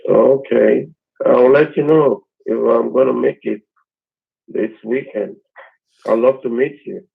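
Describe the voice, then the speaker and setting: Raspy gravelly guy on a muffled phone line, hesitant, lots of ums. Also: mid-range voice, slow. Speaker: scammer on the call. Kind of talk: phone conversation.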